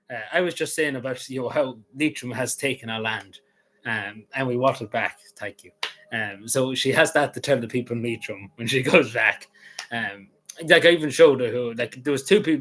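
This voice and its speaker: An Irish man with a Cavan accent talks in a loose, rambling vlog style. He jokes as he goes, stumbles over restarts and fills the gaps with ums and uhs. His voice sits at an ordinary middle pitch. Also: a bit bright, rough recording. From Ireland. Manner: meandering, joking, many fillers and restarts. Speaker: vlogger. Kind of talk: casual rambling chat.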